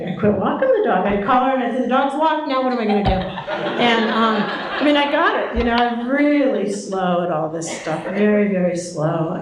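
Chatty older woman in an echoey hall. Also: mid-range voice. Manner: chatty and self-deprecating, laughing often, with many ums. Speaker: speaker sharing at a recovery meeting. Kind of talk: personal recovery talk. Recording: very echoey hall with faint noise.

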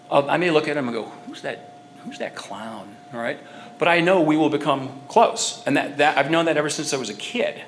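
A man sharing his story at a recovery meeting, in halting, rambling speech full of restarts. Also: fairly high pitch, a bit bright, slight background noise. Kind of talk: personal testimony.

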